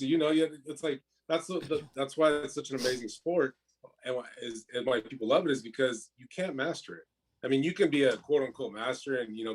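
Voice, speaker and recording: A man's voice: medium pitch, husky. A man as a guest in a casual chat, swearing casually and explaining things through comparisons.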